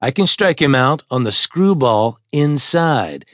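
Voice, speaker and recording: A cocky young surfer-dude pitcher, easygoing and drawling, sure of himself, as a man puts him on for an audiobook. The sound is dry and close, with no room around it. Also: big pitch swings, measured pace, fairly bright tone, dry recording. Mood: insistent.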